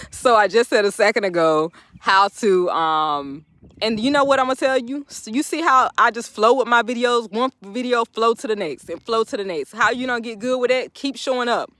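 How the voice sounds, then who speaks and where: A woman motivational speaker, talking outdoors in an animated, laughing vlog pep talk. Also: mid-range voice, dry recording. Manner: animated, laughing often, talking straight to viewers. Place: outdoors, birds in background.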